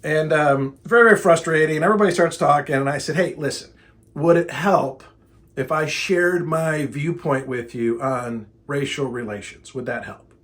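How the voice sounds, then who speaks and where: A man's voice: a little high, normal speed. A middle-aged man, a speaker and trainer, telling a story casually and acting out both sides of an exasperated argument. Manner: animated, exasperated retelling with quoted dialogue.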